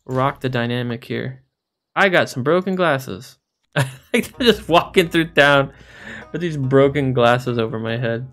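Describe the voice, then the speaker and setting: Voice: medium pitch, measured pace, fairly bright tone, faint music behind. A game streamer making casual, jokey, rambling commentary while playing. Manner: jokey, rambling, laughs often.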